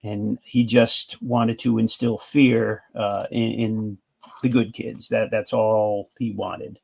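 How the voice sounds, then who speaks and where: A man's voice: on the low side, little pitch movement, slow pace, gravelly, husky. A man casually reviewing a comic book, retelling the story with enthusiasm in a rambling way that is full of restarts.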